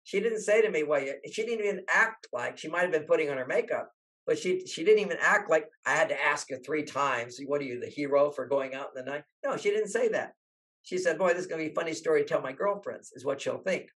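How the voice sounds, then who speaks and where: A man's voice: a little high, fast. An older man, a relationship author, telling stories in an interview and acting out the people he quotes. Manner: animated, acts out quoted voices. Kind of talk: storytelling interview talk.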